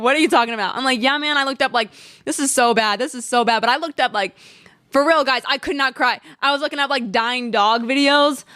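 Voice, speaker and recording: A woman's voice: on the high side, fairly bright tone, no echo, clean studio sound. A young woman hosting her own podcast, talking candidly and animatedly in a casual solo chat, often laughing. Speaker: podcast host.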